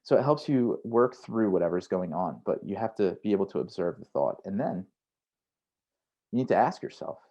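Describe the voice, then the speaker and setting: Male career coach with a slightly low voice, relaxed and chatty workshop delivery, keeps tagging lines with "right?". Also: normal speed. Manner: conversational, frequent "right?" tags; acts out inner voices in quotes. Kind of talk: online workshop talk.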